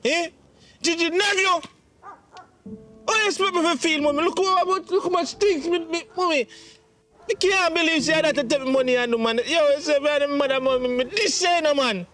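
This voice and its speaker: Man voicing a grown Jamaican son, very high-pitched, Jamaican accent, pleading, emotional. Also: moderate pace, sharp tone. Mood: distraught. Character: grown son, hurt and upset with his mother. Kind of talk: comedy skit acting.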